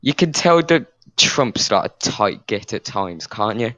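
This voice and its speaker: A man's voice: on the low side, lively intonation, a little slow, pushed and bright, no echo. A young British man co-hosting a casual podcast, arguing his points in a rambling way with frequent restarts. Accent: British English. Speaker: podcast co-host. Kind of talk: casual debate chat.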